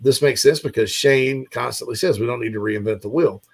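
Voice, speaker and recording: A man's voice: medium pitch, brisk, creaky, husky. A man hosting a sports talk show, rambling casually with lots of fillers and restarts.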